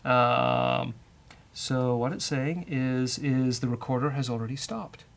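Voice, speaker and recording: A man's voice: mid-range voice, steady tone, slow pace, gravelly. A man hosting a casual live-coding show, joking and mocking himself as he works through code. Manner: joking and self-mocking, thinks aloud. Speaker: developer show host.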